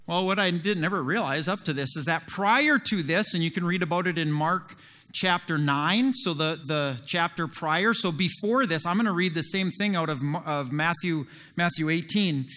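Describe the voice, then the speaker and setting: A man preaching a sermon in a lively, conversational way, acting out little scenes as he goes. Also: high-pitched, normal speed. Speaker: pastor.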